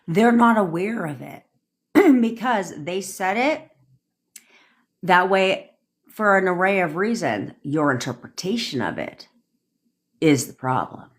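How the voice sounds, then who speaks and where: Low-voiced, blunt woman ranting on a live. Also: big pitch swings, takes it slowly, long pauses. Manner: blunt and profane, chatty, answers viewers by name. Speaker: manifestation coach hosting a livestream. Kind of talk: casual livestream rant and coaching.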